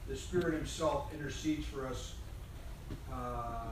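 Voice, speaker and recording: A man's voice: medium pitch, a little slow. A man in a class discussion, earnestly explaining a point and repeating words for emphasis. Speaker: class participant. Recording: echoey, distant, noisy room.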